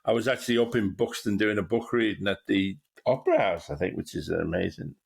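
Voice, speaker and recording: A man's voice: fairly low pitch, quick pace, vocal fry, husky. A man hosting a podcast, chatting casually and telling wry, rambling anecdotes. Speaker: podcast host. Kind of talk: casual chat.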